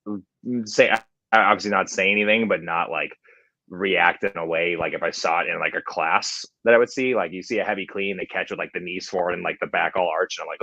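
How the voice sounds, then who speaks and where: A man's voice: deep voice, fairly even intonation, fairly quick, vocal fry, bright, forceful tone, no echo, muffled recording. A man who works as a competition MC and coach, chatting casually with many fillers and restarts. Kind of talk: casual podcast chat.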